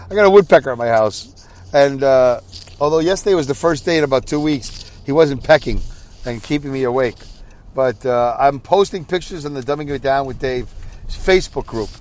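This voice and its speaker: A man's voice: mid-range voice, normal speed, a little mellow. A middle-aged man, hosting a casual podcast monologue, exhausted and rambling while driving his truck. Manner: rambling, tired, self-deprecating. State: exhausted, sleepy. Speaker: podcast host.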